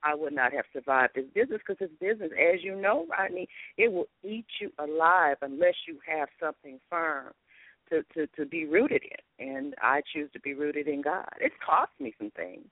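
A woman from Los Angeles, USA, an author and comedy writer, appears as a guest on a talk show, speaking in a deep voice at normal speed. She's candid, lively, and expressive, often laughing as she gives her testimony. There's no echo, but the sound is tinny like a phone line.

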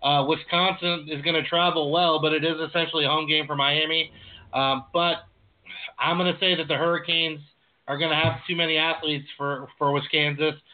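A man's voice: on the high side, little pitch movement, brisk. A man co-hosting a casual sports chat, easygoing and full of uh fillers. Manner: easygoing, filler-heavy with frequent uh. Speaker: sports podcast co-host. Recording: tinny phone-like line.

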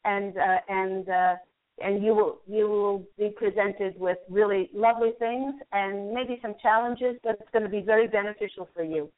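A woman hosts a call-in radio reading, repeating the answers she says her angels give. Her pitch sits in an ordinary middle range. Everything comes through a thin, phone-like line. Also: fairly even intonation, normal speed. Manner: repeats messages she says she hears, gentle reassuring advice. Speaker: radio show host and angel reader.

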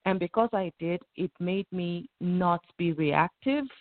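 A woman's voice: on the low side, unhurried, no echo. A woman guest in an interview, talking reflectively and acting out her own inner thoughts. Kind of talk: conversational interview. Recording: tinny phone-like line.

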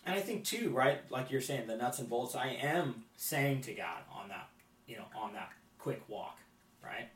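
A man's voice: mid-range voice, animated, moderate pace, fairly bright tone. A man, a guest on a faith podcast, talking reflectively and often checking in with "right?" as he goes. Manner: reflective, with frequent restarts and "right?" tags. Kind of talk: conversational faith podcast chat. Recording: roomy, distant mic, faint noise.

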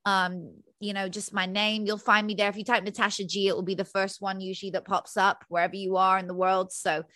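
A woman mindset coach speaking as an interview guest, energetic and motivational. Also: mid-range voice, brisk, dry recording.

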